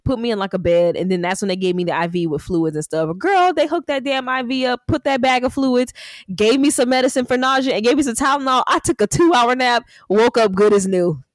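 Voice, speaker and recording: A woman's voice: on the high side, brisk, no room sound. A woman podcast host telling a story in casual chat, acting out what people said, with lots of "like". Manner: animated storyteller acting out quotes, frequent "like".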